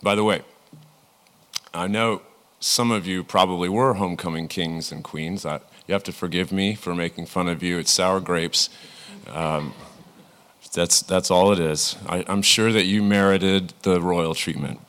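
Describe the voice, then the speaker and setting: A man in his forties, a pastor preaching a sermon in a relaxed, self-deprecating way, his voice thick from a cold. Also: deep voice, a little slow. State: has a cold, congested.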